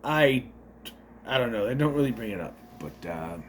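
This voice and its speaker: A man's voice: medium pitch, animated, moderate pace, breathy edge. A man giving a casual spoken movie review, rambling with unsure asides and self-corrections.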